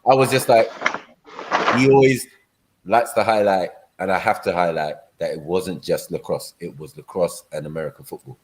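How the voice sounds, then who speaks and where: A man's voice: sits low, steady tone, normal speed, slight background noise, rough recording. A man co-hosting a livestream, telling stories in slang and repeating himself as he goes. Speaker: livestream co-host. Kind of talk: casual chat.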